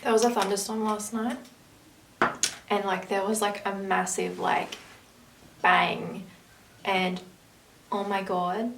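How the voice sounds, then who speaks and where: A woman's voice: medium pitch, level tone, slow, gravelly, pauses often. A woman talks unhurriedly through her makeup routine, drifting into chatty asides. She sits back from the camera mic, so her voice sounds distant in an echoey room with a faint hiss underneath. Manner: chatty, rambling asides while working. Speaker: makeup vlogger. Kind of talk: casual makeup tutorial chat.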